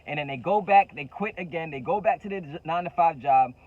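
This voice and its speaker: A man speaking with fervent, motivational energy in a fairly high voice, repeating his key lines and slipping into casual slang as he talks straight to the camera. The sound is somewhat dull and lo-fi. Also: fast talker. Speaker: entrepreneur coach and channel host. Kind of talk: motivational direct-to-camera talk.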